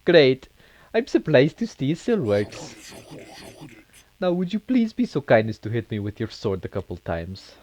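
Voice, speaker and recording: A man's voice: medium pitch, huge pitch swings, unhurried, darkish tone, pitched above the performer's own voice. A courteous undead zombie with a mock German accent, as a man puts him on. He talks in a raised, formal voice, lonely but cheerful about his rotting state, in a video-game dungeon scene.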